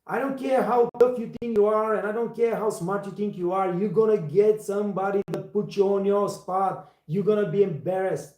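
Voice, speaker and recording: Guy on a live stream, mellow voice, kinda high, repeats himself for emphasis, echoey room. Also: fairly even intonation, moderate pace, few pauses. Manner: emphatic, repeats words for stress, non-native phrasing. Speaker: livestream host and waiter trainer. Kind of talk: casual livestream talk.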